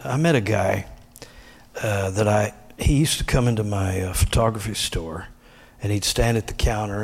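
A middle-aged man preaching a sermon, swinging between emphatic high bursts and quieter personal asides. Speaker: pastor.

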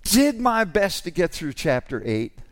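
A male pastor preaching with a lively, swooping delivery in a somewhat high voice. He talks informally, with asides and restarts, and pushes up to shouts on the lines he wants to land. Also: unhurried. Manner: animated preaching, rising to shouts on key lines. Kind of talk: sermon.

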